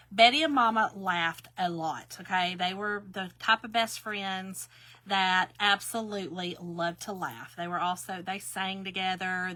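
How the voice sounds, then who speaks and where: A woman's voice: mid-range voice, sharp tone, dry recording. A middle-aged woman, hosting a craft livestream and chatting folksily with viewers. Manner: folksy, talks straight to viewers with "y'all" and "okay?".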